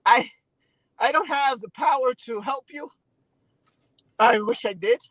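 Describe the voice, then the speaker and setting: A man hosting a casual stream, venting in an emotional, halting, repetitive way. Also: extremely high pitch, a bit bright, no echo, low-quality recording. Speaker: channel host.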